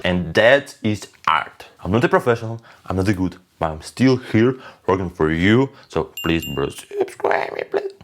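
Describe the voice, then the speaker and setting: Playful chef with lively, lowish voice. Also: male voice, normal speed, hardly any pauses, over music. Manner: playful, boastful, non-native phrasing. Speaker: cooking vlogger. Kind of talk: casual kitchen demo.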